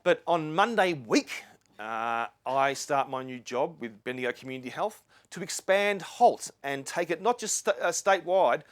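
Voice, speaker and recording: At a lecture venue, a middle-aged Australian man addresses a live audience earnestly, rambling with frequent restarts and asides. His expressive voice sits a little high for a man and moves at a moderate pace. The recording is dry and close.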